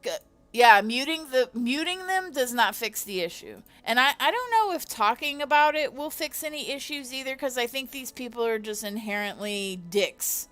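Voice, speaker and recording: Profane venting woman, high voice. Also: expressive, moderate pace, fairly bright tone. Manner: profane, emphatic, exasperated venting. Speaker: livestreamer and virtual designer. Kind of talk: venting livestream chat.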